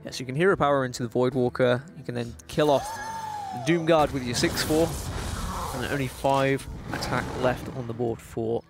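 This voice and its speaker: This is a man with a West Country accent casting a live game at a middle pitch. He talks in a loose, chatty way and throws questions and jokes at his co-commentator. Soft music plays faintly behind him. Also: moderate pace, vocal fry. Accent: West Country English. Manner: chatty, joking, asks his co-caster questions. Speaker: esports commentator.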